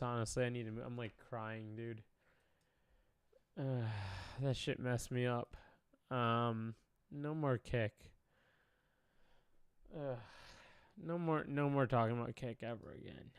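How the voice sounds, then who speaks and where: A man's voice: medium pitch, steady tone, a little slow, vocal fry, pauses often, smooth, dry recording, studio quality. A young man doing casual reaction commentary, talking emotionally, often sighing, swearing and trailing off. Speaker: commentary streamer.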